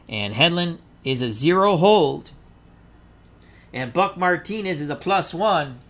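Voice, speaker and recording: A man doing chatty play-by-play for a tabletop baseball dice game, talking to viewers in chat between rolls. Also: a little high. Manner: chatty, excitable, rhymes and asides to chat viewers.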